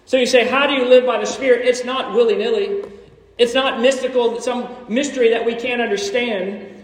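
High-voiced preacher in an echoey hall. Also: male voice. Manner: animated preaching, rising to near shouts, with asides and laughs. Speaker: pastor. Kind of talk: sermon. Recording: echoey hall, distant from the mic.

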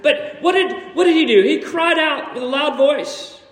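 A man preaching a Sunday sermon in a church, animated and emphatic, sometimes rising to near shouts and joking with the congregation. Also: very high-pitched, normal speed. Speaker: pastor. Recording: echoey hall, distant from the mic.

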